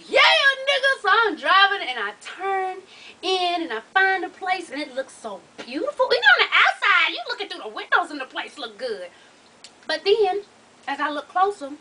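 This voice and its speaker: A young woman telling a long story in a casual vlog, profane and laughing through it. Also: extremely high pitch. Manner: animated, profane, laughs through her stories. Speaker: vlogger. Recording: voice from a distance off the mic.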